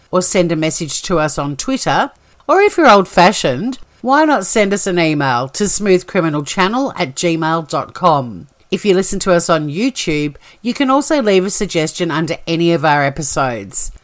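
Australian woman host, scripted narration, lowish voice, wry and chatty. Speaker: podcast host.

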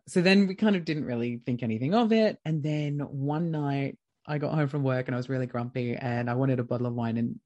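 A woman with an Australian accent, a podcast guest telling a personal story casually and acting out what each person said. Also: very deep voice. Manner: lively, acts out quoted dialogue.

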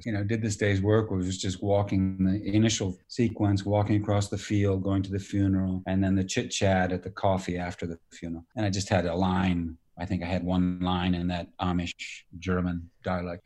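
A man in his sixties, an actor and director, telling stories in a relaxed interview, acting out quoted dialogue. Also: deep voice, fairly quick, hardly any pauses. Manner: storytelling, acts out quoted dialogue, mild profanity. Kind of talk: relaxed anecdotal interview talk.

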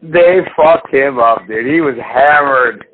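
Over lo-fi, phone-like call audio with faint noise, a podcast host speaks slowly in a husky, mid-range voice. His casual chat rambles and turns profane, and he mimics people with big, exaggerated impressions.

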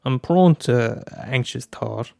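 A man's voice: mid-range voice, takes it slowly, vocal fry, dark tone, dry recording, studio quality. A young Irish man hosting a casual solo podcast, talking candidly with frequent swearing and stammered restarts. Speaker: podcast host.

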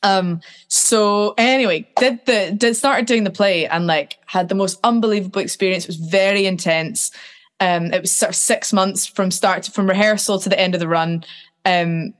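A woman's voice: medium pitch, moderate pace. A woman in her twenties telling stories from her life in a casual interview, acting out what people said. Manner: animated, acts out quotes. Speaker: guest. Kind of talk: casual storytelling.

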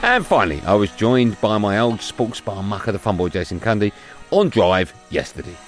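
A man's voice: on the low side, expressive, moderate pace, music in the background. A man hosting a sports radio show and podcast, chatty and jokey.

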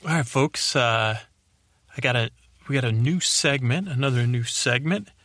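A male podcast host opening a bedtime show in a soft, rambling way, often trailing off and restarting. His voice sits at a middle pitch and sounds dry and close to the mic. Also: moderate pace, no echo. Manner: soft-spoken, meandering, self-correcting. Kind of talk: sleep podcast introduction.

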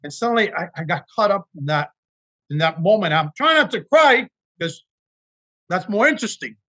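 A man's voice: high voice, expressive, moderate pace, bright, forceful tone. A man, an actor, telling earnest, emotional stories from his work in a casual interview chat. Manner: earnest, emotional storytelling with restarts. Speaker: actor guest.

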